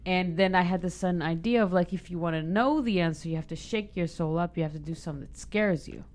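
A woman from Israel tells her story as an interview guest, pitched a little low. She talks casually, restarts her sentences, and acts out the people she quotes. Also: fast talker, a little mellow, slight background noise. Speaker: guest, stand-up comedian.

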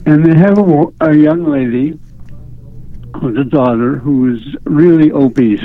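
Gravelly man calling in on a phone line. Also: on the high side, animated. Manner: halting, candid, stammering. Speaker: caller. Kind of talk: call-in radio conversation.

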